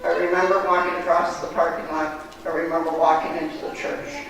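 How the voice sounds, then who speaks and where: A woman giving a heartfelt personal testimony at church, in halting, storytelling speech. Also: on the low side, fairly even intonation. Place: church sanctuary. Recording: echoey church hall, distant mic, background noise.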